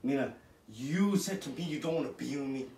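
A man's voice: medium pitch, animated, brisk, warm tone. A man staging a furious argument at home, swearing and ordering someone out. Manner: angry, swearing, repetitive demands. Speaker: prank video host. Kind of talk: staged argument prank. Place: home indoors. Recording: echoey room from far off with noise.

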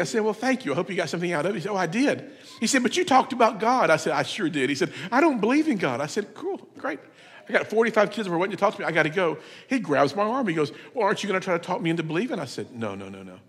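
Visiting preacher, male, emphatic sermon delivery with shouting peaks, reverberant church sound. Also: medium pitch, breathy edge. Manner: emphatic, rises to loud shouts. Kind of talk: sermon with storytelling. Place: church sanctuary.

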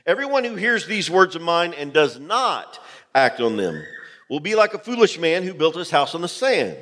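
A man's voice: on the high side, big pitch swings, normal speed, fairly bright tone. A man preaching a sermon as pastor to his congregation, emphatic and direct, repeating key phrases. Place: church sanctuary. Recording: long hall reverb from a church.

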